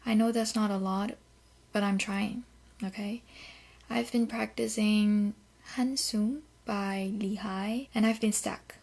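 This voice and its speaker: Korean-accented young woman rambling on her podcast, husky a bit raspy, honest and thoughtful, mid pitch. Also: a little mellow. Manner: candid, reflective, often starts with "so". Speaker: podcast host. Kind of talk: casual solo podcast talk.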